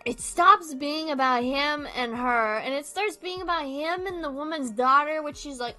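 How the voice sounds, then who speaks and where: Her high voice is bright and forceful, moving at a moderate pace with hardly any pauses while faint music plays. A young video creator, she rants about a film in casual, exasperated chat, swearing a lot and laughing along the way.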